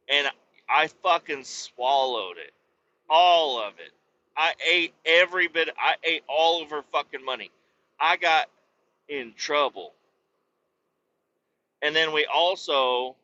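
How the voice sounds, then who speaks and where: Man, podcast host, profane rambling storyteller, sharp lively voice, somewhat dull recording. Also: fairly high pitch, a little slow. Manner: rambling, swears a lot, rants loudly when interrupted.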